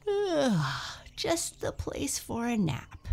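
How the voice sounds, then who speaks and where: A fussy little girl from a storybook whines, sighs and grumbles over everything, as a woman acts her out. The voice rides high above her own, with big swoops in pitch. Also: wildly swooping pitch, very slow, vocal fry, a little mellow, heavily acted. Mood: whiny. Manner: whiny and sighing.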